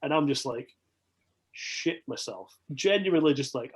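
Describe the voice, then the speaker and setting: A young Scottish man telling a long rambling story as a podcast guest, animated and swearing freely. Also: medium pitch, measured pace, slightly rough. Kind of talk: casual storytelling.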